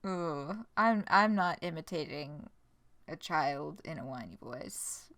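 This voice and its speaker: A woman's voice: sits low, expressive, slow, a bit bright. A woman streamer making dry, muttered asides while playing a story game. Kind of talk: casual game commentary. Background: game music.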